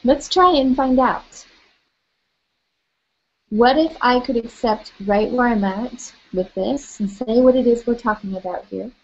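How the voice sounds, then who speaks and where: Soft-voiced woman guiding tapping. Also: a little high, unhurried, lo-fi sound. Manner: gentle instructive coaching with repeated affirmations. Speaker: EFT tapping guide. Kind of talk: guided tapping session.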